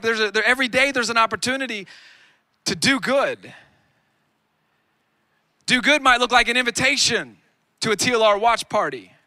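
A man in his thirties preaching a sermon on a lawn, energetic and conversational with self-deprecating humor. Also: very high voice, no room sound. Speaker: pastor. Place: outdoor lawn gathering.

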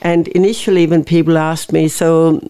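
A woman's voice: sits low, flat delivery, normal speed, warm tone, clear, resonant tone. A woman in her fifties from Denmark with a Danish accent, a guest in a podcast interview who speaks thoughtfully, often restarting her phrases. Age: 50s. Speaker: guest, winery owner.

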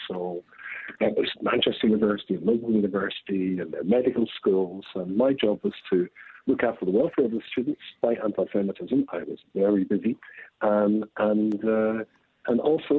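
A Scottish man speaks as an interview guest over a tinny, phone-like line. His delivery is lively and swoops around in pitch, with a gravelly, husky edge. He tells his stories with animation and laughs easily. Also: no room sound. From Scotland. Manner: animated storyteller, laughs often. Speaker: rabbi and radio guest. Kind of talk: remote interview.

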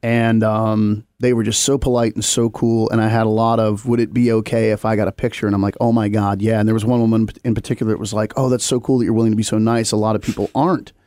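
A man's voice: lowish voice, flat delivery, fast, hardly any pauses, dark tone, dry recording. A man co-hosting a podcast, chatting casually and telling joking stories with acted-out quotes. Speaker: podcast co-host. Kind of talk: casual chat.

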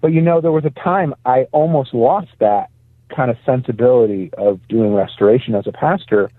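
Over a thin phone call from a parked car, a male guest pastor with a mid-range voice talks at normal speed, no room sound. He's chatty and anecdotal, laughing easily as he tells casual stories.

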